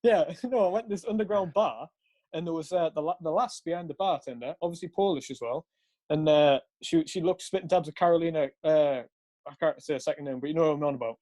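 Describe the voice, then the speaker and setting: A man's voice: on the high side, fast talker, warm tone. A young man casually telling a rambling story, swearing often and laughing along. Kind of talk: casual chat.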